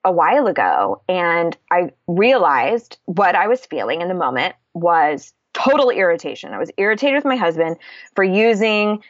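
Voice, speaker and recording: A woman with a fairly low voice talks through her ideas in a casual conversation. She is candid and explanatory and swears freely. Her recording sounds dull and dry, close to the mic. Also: big pitch swings, normal speed, dry recording.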